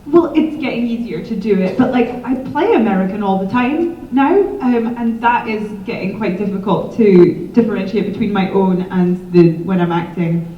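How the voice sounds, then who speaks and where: A woman with a Scottish accent, a guest actress on a convention panel, chatting quickly and laughing. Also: medium pitch, lo-fi sound. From Scotland. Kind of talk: casual convention panel chat. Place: large convention hall. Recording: echoey hall from far off, crowd noise.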